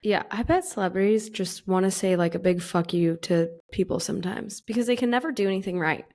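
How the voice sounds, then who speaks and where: A woman co-hosting a podcast, telling stories in casual chat with an expressive, up-and-down delivery. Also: medium pitch, a little fast. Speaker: podcast co-host.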